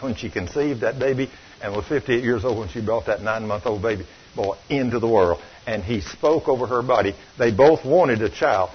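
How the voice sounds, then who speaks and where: A man in his sixties preaching a fervent, animated sermon and acting out quotes. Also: mid-range voice, slightly rough. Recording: muffled lo-fi recording.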